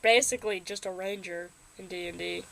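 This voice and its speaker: A woman's voice: fairly low pitch, fairly even intonation, fairly quick, creaky. A young woman co-hosting a podcast, recapping a movie in a rambling, casual way, laughing often and slipping into tabletop game jargon. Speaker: podcast co-host.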